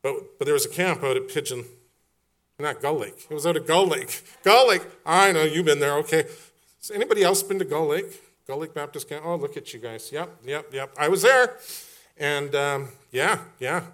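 Bright-voiced pastor preaching a sermon. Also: male voice, on the high side, normal speed. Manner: conversational storytelling, building to emphatic repeated questions. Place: church.

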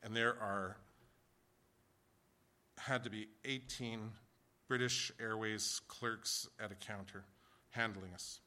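Bright-voiced male pastor preaching. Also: on the low side, steady tone, slow pace, pauses often. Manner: conversational, rhetorical questions, rising to shouts in an acted story. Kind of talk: sermon.

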